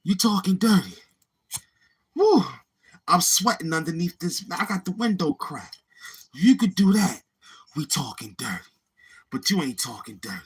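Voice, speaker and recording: Man, livestream host, husky voice, slow drawl, lively pitch, laughing fits. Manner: breaks into long fits of helpless laughter. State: laughing to tears, short of breath. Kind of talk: casual livestream chat.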